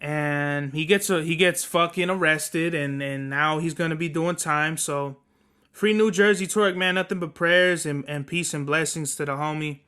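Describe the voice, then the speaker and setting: A man with a bright, tense and smooth voice, pitched a little above the usual for men. He hosts a podcast alone, rambling through his opinions in a loose, slangy and often profane way. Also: normal speed. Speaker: podcast host. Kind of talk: casual solo commentary.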